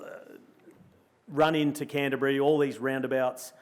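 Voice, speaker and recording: Animated Australian man telling a race story. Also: medium pitch, fairly quick. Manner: animated storyteller, acts out his own thoughts in quoted asides. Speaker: guest speaker, former pro cyclist. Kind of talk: storytelling in a live interview. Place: luncheon event room.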